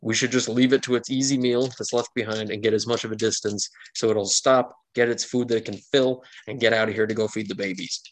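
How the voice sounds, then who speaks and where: A man's voice: fairly low pitch, fairly even intonation, brisk, hardly any pauses, natural voice. A man voicing a weary, pragmatic male wilderness guide in a tabletop game, giving grim, matter-of-fact warnings. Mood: urgent.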